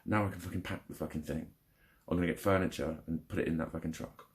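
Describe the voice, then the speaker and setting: A young man with a fairly low voice rants into his camera about a bad phone call. He swears constantly, sounds fed up and exasperated, and speeds up or drags out words as his anger rises and falls. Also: steady tone, fast talker. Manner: angry, frustrated, heavy swearing. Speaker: vlogger. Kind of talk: ranting vlog.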